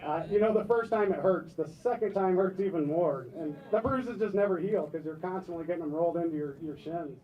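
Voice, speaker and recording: A man's voice: a little high, brisk, hardly any pauses, muffled recording. A man worker describing unsafe conditions in a plain, complaining way. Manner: plain, complaining, some restarts. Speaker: striking warehouse worker. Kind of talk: interview about work conditions.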